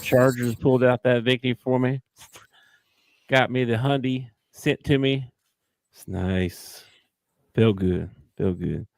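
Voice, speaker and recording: A man's voice: medium pitch, steady tone, slow, vocal fry, long pauses, no echo. A man hosting a podcast in easygoing, joking casual chat. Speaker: podcast host.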